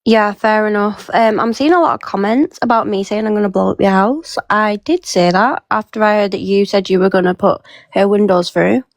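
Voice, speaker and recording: Measured woman guest, dry close sound. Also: mid-range voice, dry recording. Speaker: livestream guest. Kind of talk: livestream chat.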